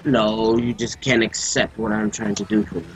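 A man's voice: on the low side, little pitch movement, normal speed, rough recording. A man on voice chat during a game run, teasing his friend and stubbornly arguing back. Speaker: gamer on voice chat. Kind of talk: casual gaming chat.

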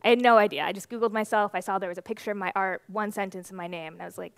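A woman in her twenties gives a conference talk from the stage, telling her story in a lively, animated way. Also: mid-range voice, racing, vocal fry, few pauses, no room sound, clean studio sound. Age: 20s. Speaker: conference speaker.

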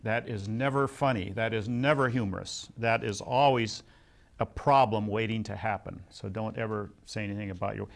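A man's voice: on the low side, normal speed, gravelly. An older man giving a seminary lecture in a conversational way, telling personal stories with self-deprecating humor. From United States.

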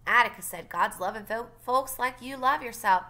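A woman's voice: fairly high pitch, normal speed, sharp tone, pitched above the performer's own voice. A woman voicing a feisty, outspoken young girl who talks back indignantly. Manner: indignant and defiant.

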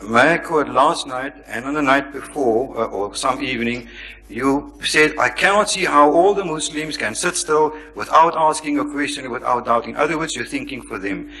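Man, chairing a public Q&A, firm, emphatic, bright voice, long hall reverb. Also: mid-range voice, normal speed. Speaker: event chairman.

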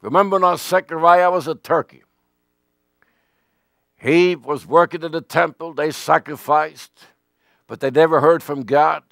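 A man preaching a sermon with emphasis, swinging between loud and hushed. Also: on the high side, measured pace, gravelly, pauses often, dry recording, clean studio sound.

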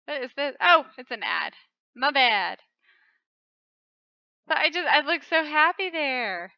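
Excitable high-voiced woman gaming host. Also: slow pace, no room sound. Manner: excitable, frequent gasping exclamations. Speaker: channel host. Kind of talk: casual game commentary. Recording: dull lo-fi dry recording.

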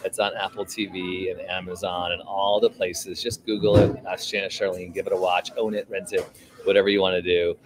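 A man's voice: deep voice, level tone, brisk, very noisy. A man hosting a live podcast, talking in an upbeat, informal, chatty way from a coffee shop over a video call. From San Francisco Bay Area. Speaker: podcast host. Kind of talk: casual live podcast chat. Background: coffee shop crowd chatter.

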